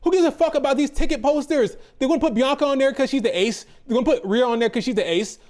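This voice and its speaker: High-voiced man in a profane rant. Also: fast talker, darkish tone. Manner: exasperated, profane, repetitive ranting. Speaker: wrestling commentary host. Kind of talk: ranting commentary to camera.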